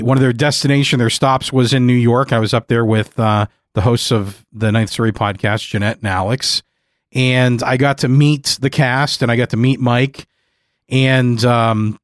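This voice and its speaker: A man's voice: mid-range voice, no room sound, studio quality. Earnest man rambling in casual chat. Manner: earnest, rambling, with many fillers. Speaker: podcast host. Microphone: studio mic.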